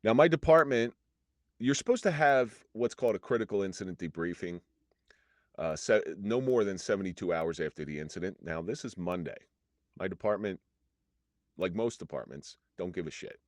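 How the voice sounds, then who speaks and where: A middle-aged man, a former police officer, telling his story in an interview in an earnest, halting way with many restarts. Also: low-pitched, lively intonation, dry recording, studio quality.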